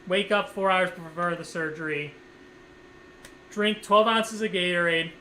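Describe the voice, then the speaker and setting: High, bright-voiced man rambling casually. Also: fairly even intonation, measured pace, a little hiss or hum, rough recording. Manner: rambling, full of "like" fillers and swearing. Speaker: streamer. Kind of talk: casual storytelling to camera.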